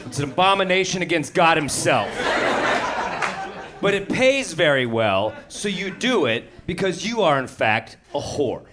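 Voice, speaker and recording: A man's voice: a little high, very animated, unhurried, very noisy. Sardonic male stand-up comic. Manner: sardonic storytelling with acted-out quotes. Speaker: stand-up comedian. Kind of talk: stand-up comedy set. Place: comedy venue with live audience. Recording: live audience laughter behind.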